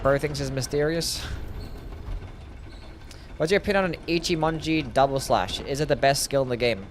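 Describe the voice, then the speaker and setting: A man's voice: mid-range voice, moderate pace, a little hiss or hum. Laid-back young man streaming games. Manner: laid-back, musing, answers chat questions. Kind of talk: casual live-stream gameplay commentary.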